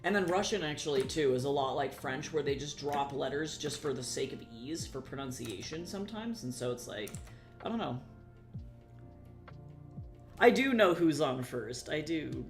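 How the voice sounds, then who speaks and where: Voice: medium pitch, animated, moderate pace, over music. A young adult streamer in casual live-stream chat, rambling and swearing casually while talking to viewers.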